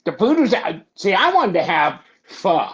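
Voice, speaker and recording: A man's voice: high voice, huge pitch swings, measured pace, a crowd in the background. A man co-hosting a casual podcast chat who cracks jokes and teases his friend, often trailing off mid-sentence. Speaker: podcast co-host. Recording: dull lo-fi audio.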